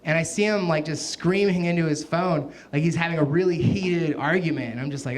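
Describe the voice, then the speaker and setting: A man telling a stand-up story on a club stage, animated and laughing at his own tale as he acts out what people said. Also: a little high, normal speed. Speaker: stand-up comedian. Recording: live club recording, loud crowd. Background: audience laughter and club noise.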